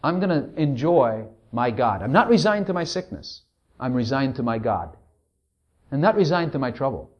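A man's voice: mid-range voice, very animated, normal speed, dull audio. Guy preaching, reads old king james verses, really fervent, voice jumps all over. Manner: fervent, swinging from loud to hushed. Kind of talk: sermon with scripture reading.

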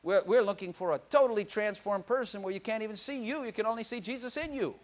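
Preaching a sermon at a quick pace, this older man has a high-pitched voice. He stays animated, shifting from loud exclamations to quiet asides and laughing a lot.

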